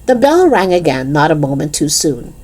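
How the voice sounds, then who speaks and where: A woman reading a children's chapter book aloud in an expressive, lively storytelling manner. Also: deep voice, normal speed, slightly rough.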